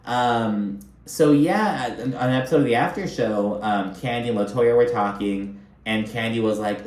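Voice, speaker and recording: A man's voice: mid-range voice, normal speed, echoey room. A man giving a casual, chatty recap of a reality show, swearing freely and acting out the cast's lines. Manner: chatty, animated, swears often, acts out quotes.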